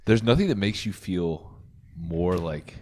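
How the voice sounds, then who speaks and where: A man's voice: low-pitched, animated, measured pace, a little mellow. A young man co-hosting a podcast, talking in a laid-back, casual way and swearing now and then. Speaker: podcast co-host. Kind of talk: casual chat.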